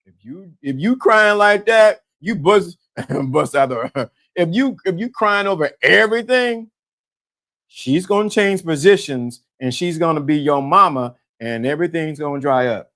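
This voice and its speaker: A man hosting a live-stream talk show, animated and laughing, repeating himself and talking to the chat. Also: a little high, a little slow. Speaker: host.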